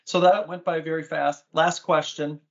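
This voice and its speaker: Upbeat interview host, slightly high voice. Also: male voice, level tone, moderate pace, creaky. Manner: affirming, enthusiastic listener. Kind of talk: interview conversation. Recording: muffled lo-fi audio.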